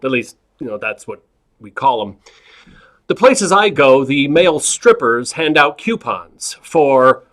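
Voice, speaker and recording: A man's voice: medium pitch, sing-song, unhurried, a bit bright. A man performing a stand-up set over a video call, awkward and self-deprecating. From New York. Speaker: stand-up comedian.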